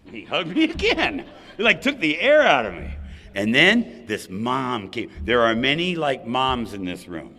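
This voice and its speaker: A man's voice: mid-range voice, wildly swooping pitch, moderate pace, sharp tone. A man sharing his recovery story at a gathering, candid and funny, with asides to the audience. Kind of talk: personal recovery talk at a roundup. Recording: hall reverb.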